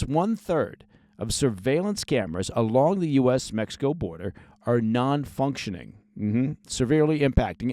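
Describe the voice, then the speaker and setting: A man's voice: mid-range voice, warm tone, no room sound, studio quality. A man hosting a scripted news briefing, reading the stories in a conversational way with short asides and stressed key words. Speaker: news podcast host.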